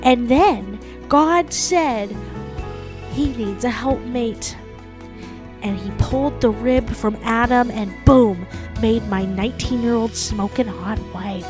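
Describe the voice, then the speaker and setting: A smug middle-aged preacher who booms out his sermon with a pompous, rolling cadence, as a woman puts him on for a comedy podcast. His voice rides fairly high for a man and lands hard on each big word. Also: takes it slowly, music in the background. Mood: preachy, boastful. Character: smarmy middle-aged male preacher, boastful. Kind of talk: comedic pastor impression.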